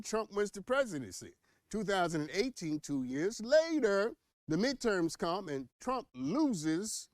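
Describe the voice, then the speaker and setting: Lively, teasing male news commentator. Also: sits high, dry recording, clean studio sound. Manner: animated, teasing, full of rhetorical questions and asides.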